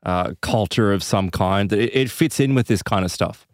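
A man co-hosting a casual talk show, cutting in with wry quick remarks. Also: fairly low pitch, no room sound, clean studio sound. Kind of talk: casual chat.

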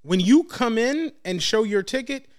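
High-pitched man in relaxed chat. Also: a little slow. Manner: relaxed, profane, acts out others' lines. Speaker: podcast co-host. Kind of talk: casual chat.

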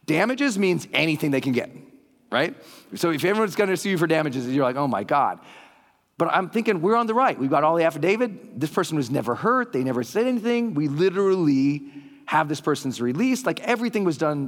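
A man speaking on stage to a live audience, telling a story with energy and acting out the lines of the people in it in a raised voice. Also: a little fast. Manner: animated storytelling, acting out quotes in a higher voice. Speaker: motivational speaker. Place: large hall with a live audience. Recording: long hall reverb.

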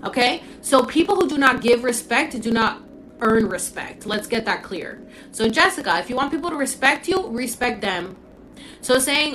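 A woman's voice: on the high side, animated, normal speed, fairly bright tone, slight background noise, poor audio. A young woman hosting a live stream from her phone at home, talking firmly and lecturing, repeating her points. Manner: firm, lecturing, repeats herself. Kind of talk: casual live-stream chat.

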